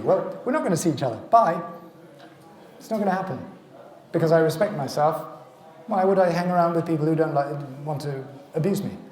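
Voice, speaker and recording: A man's voice: fairly high pitch, a little mellow. Rambling British man talking in an echoey hall. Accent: British English. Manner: rambling, many ums and restarts. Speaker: speaker. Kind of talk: public talk. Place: community arts centre hall.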